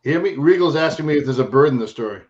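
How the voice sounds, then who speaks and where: A man's voice: on the high side, animated, fast talker. A man hosting an interview, joking and hurrying his guest along. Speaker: host. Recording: dull lo-fi audio.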